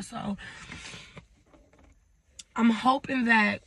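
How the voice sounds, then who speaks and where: A woman vlogger talking through tears in an emotional personal vlog. She speaks haltingly, breaks off mid-sentence and drops to near-whispers. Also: fairly high pitch, steady tone, creaky, slight background noise. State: tearful.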